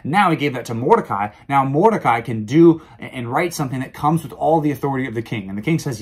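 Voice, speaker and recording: Husky-voiced man casually explaining scripture. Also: mid-range voice, expressive, fairly quick, few pauses. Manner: chatty, with many fillers and restarts. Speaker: Bible reading video host. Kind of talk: casual Bible commentary.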